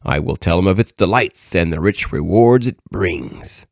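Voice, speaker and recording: A man's voice: deep voice, lively intonation, normal speed, creaky, no room sound, studio quality. A man voicing eager male imps who boast to the devil about how they will tempt a good man. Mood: boastful.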